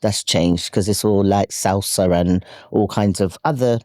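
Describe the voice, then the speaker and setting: A woman, a comic actress chatting as a podcast guest, playful and quick to laugh. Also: very deep voice, no room sound, clean studio sound. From London, England. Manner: playful, animated, laughs easily. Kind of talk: casual podcast chat.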